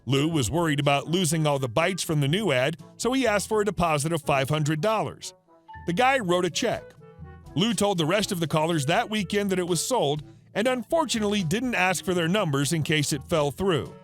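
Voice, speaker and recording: A man reads reddit stories in a scripted, upbeat way. His voice sits high and swings freely in pitch, and faint music plays behind him. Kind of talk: scripted narration.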